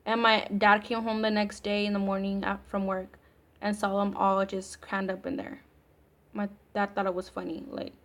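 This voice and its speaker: A woman's voice: medium pitch, monotone, moderate pace, fairly bright tone. A young woman vlogger telling a scary story in a chatty, casual way, full of fillers and the odd swear word.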